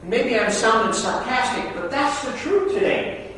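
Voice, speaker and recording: High-voiced male pastor in an echoey hall. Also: lively intonation, moderate pace, a little hiss or hum. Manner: swings from hushed to loud and emphatic. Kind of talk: sermon. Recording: echoey hall, mic far off.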